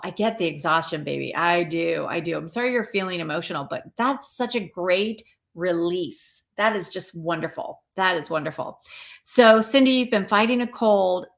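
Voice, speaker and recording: A woman's voice: fairly low pitch, normal speed, fairly bright tone. A woman hosting a casual live stream who reads viewer comments aloud. She talks in a chatty, encouraging way, often restarting her sentences and praising her viewers. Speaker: live stream host and spiritual coach.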